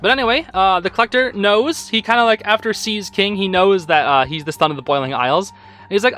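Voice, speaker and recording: Bright, high-voiced young man recapping. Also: quick pace, soft background music. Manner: excitable, informal slang, frequent fillers. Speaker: host. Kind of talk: casual episode recap and reaction.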